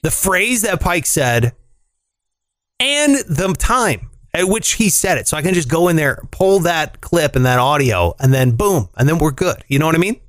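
A man co-hosts a casual podcast, reading listener comments aloud. His voice sits slightly high, and the sound is dry and close with no room. He is animated and jokey, swearing freely and jumping up in pitch when he argues a point. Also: normal speed, no echo. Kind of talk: casual chat.

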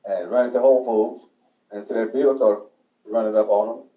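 A man's voice: lowish voice, fairly even intonation, fairly quick, distant mic, narrow, tinny audio. Easygoing man, roomy and off-mic. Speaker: radio co-host. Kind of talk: casual radio chat.

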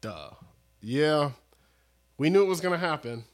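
A man's voice: fairly high pitch, expressive, a little slow. A young man co-hosting a casual chat podcast, rambling and joking, often restarting his sentences. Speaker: podcast co-host.

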